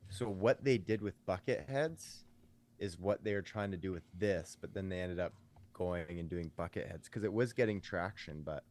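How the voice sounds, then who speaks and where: Deep-voiced man cheering on podcast guesses. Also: darkish tone. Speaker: podcast co-host. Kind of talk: casual banter podcast.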